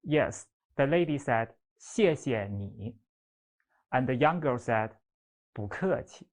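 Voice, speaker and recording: A teacher leading a beginner Chinese lesson at an unhurried, steady pace. The delivery is patient, and each example word is stretched out slowly for students to repeat. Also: medium pitch. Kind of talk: slow instructional explanation with repeat-after-me drills.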